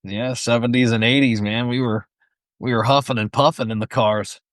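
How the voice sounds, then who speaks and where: A middle-aged man in casual podcast conversation, easygoing and quick to agree with the other speaker. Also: medium pitch, steady tone, dry recording, clean studio sound. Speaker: podcast co-host or guest. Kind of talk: casual chat.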